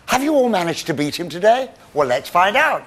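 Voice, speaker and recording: A man's voice: sits high, big pitch swings, a little fast, very noisy. A man hosting a chat show and reading out listener questions in a bubbly, eager way. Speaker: show host. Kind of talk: radio-style show hosting.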